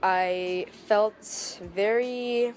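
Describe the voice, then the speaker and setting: A woman in a documentary interview, softly and haltingly recalling the death of a close friend. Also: medium pitch, fairly even intonation, faint music behind. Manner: soft, reflective, halting with many "like"s. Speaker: friend of the deceased. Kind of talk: documentary interview, recounting a loss.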